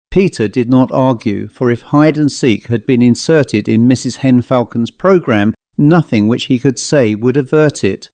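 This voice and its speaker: A male audiobook narrator reads a literary ghost story in a measured, even manner. His voice is dark and mellow at a middle pitch. The recording is dry and close on the mic. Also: no room sound.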